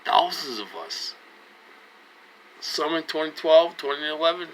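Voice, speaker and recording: A man in his forties with a bright, sharp-edged voice talks slowly and deliberately to his viewers. He is earnest and pleading, and he keeps repeating himself as he presses each point, with a faint hum of noise behind him. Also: fairly high pitch, expressive, low-quality recording. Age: 40s. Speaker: vlogger. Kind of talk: casual direct-to-camera talk.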